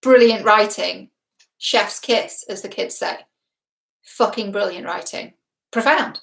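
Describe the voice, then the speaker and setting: A woman's voice: medium pitch, slow pace, creaky, a bit bright. A young adult woman from Britain, a relationship expert giving a casual reaction vlog, chatty and emphatic, laughing often and swearing casually. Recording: roomy echo.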